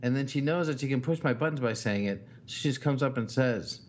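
A man in his thirties co-hosting a casual comedy podcast, telling profane stories about his daughter in an animated way. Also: mid-range voice, fairly quick. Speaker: podcast co-host.

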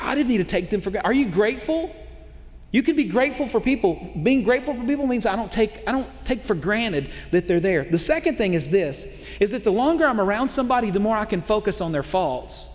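A man's voice: high-pitched, lively intonation, fairly quick. A middle-aged male pastor preaching a sermon in a conversational way, often putting rhetorical questions to the congregation. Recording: long hall reverb.

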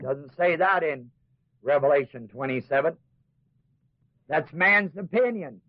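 Man, Bible teacher, sermon to a class, high voice, mocking asides, tinny dry old recording. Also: lively intonation, a little slow, no echo. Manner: mimics doubters in asides, then preaches with rising emphasis.

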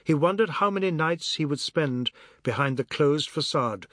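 A man's voice: fairly high pitch, animated, a bit bright, no room sound. Man reading an audiobook aloud. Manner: measured storytelling. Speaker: narrator. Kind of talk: audiobook narration. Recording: dry close studio sound.

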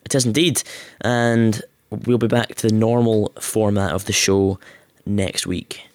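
A man from Scotland co-hosting a podcast in easygoing, slightly halting casual chat. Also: fairly low pitch, steady tone, no room sound. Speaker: podcast co-host.

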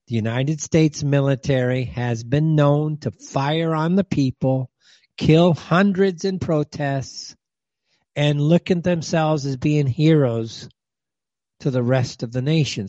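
A scornful male host rants alone, fond of asking his listeners "have you?" and trading in insults. His voice sits a little high for a man. The audio is dull and lo-fi, close and dry with no room sound. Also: no echo. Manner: repeats rhetorical questions to listeners; scornful, name-calling. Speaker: talk show host. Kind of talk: ranting monologue.

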